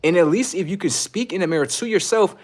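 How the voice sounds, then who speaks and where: A man lectures his livestream audience with crude, no-nonsense relationship advice, calling them "sir." He talks animatedly and quickly in a casual monologue, jumping from loud eruptions to quiet muttering.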